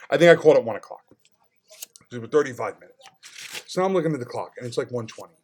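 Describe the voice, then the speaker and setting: A man telling a frustrating customer-service story in a casual, animated way, swearing freely and swinging from low mutters to loud outbursts. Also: quick pace, pauses often.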